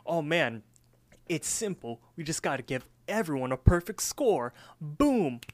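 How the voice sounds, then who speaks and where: A man voicing an excitable young male slacker in a punchy, excited way during a podcast cartoon recap. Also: mid-range voice, moderate pace, no room sound, lightly acted.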